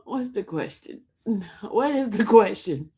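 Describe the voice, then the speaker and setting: A woman's voice: mid-range voice, lively intonation, a little slow, a little mellow, slight background noise. A woman hosting a casual livestream, laughing often and teasing her chat, sometimes dropping to a whisper. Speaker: livestream host reading chat.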